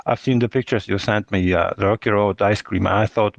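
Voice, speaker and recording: Male host, halting and filler-heavy, deep voice, muffled dry call audio. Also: fairly even intonation, gravelly, dry recording. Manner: halting, hesitant with many fillers. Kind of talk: casual chat. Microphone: call line. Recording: dull, dry call line.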